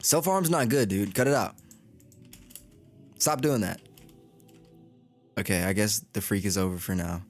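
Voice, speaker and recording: A man's voice: fairly low pitch, a little slow, pauses often, soft background music. Joking, profane man playing a game. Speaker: gaming content creator. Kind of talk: casual game playthrough commentary.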